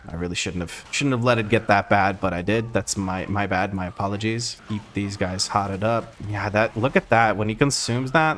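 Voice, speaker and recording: A man's voice: fairly low pitch, fairly bright tone, slight background noise. A man giving casual live commentary while he plays a game, rambling to himself with wry, mildly exasperated asides. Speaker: gameplay commentator.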